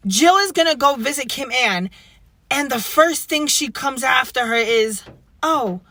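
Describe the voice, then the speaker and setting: A man co-hosting a casual podcast chat, playful and reacting loudly. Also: very high-pitched, lively intonation, measured pace, no room sound. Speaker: podcast co-host.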